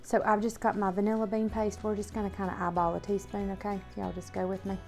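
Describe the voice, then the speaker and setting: A woman's voice: medium pitch, flat delivery, fast, gravelly, darkish tone, faint music behind. A woman with a Southern American accent hosting a casual cooking demonstration in her home kitchen, chatting to viewers in a homey way and checking in with them often. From Southern United States. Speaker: cooking show host.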